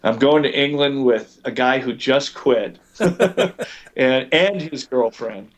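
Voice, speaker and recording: A man with a medium-pitched voice speaks slowly as a guest on a podcast interview. He tells long anecdotes packed with fillers and restarts.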